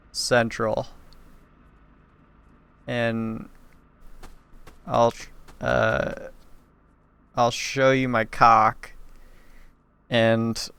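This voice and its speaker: A man's voice: medium pitch, fairly bright tone. A man rambling casually and crudely while playing a game, often breaking into laughter at his own jokes. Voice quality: gravelly, rambling, crude, self-amused. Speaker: gaming YouTuber.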